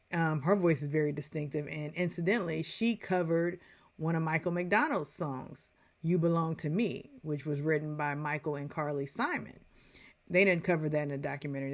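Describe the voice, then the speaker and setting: Chatty woman reviewing a film. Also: deep voice. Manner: chatty, digressive, with playful asides and many fillers. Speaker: movie reviewer. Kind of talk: casual video review.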